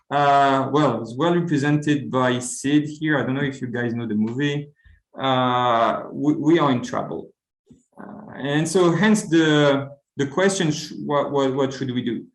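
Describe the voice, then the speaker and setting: A man's voice: medium pitch, unhurried, roomy sound, low-quality recording. A man giving an academic seminar talk as lecturer, speaking earnestly and often repeating words as he searches for them. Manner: earnest, with frequent stuttered word repeats.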